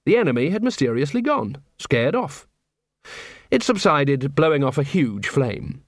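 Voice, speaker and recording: A man's voice: mid-range voice, big pitch swings, measured pace, no room sound. Man narrating in a dry close voice. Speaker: audiobook narrator. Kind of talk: storytelling narration.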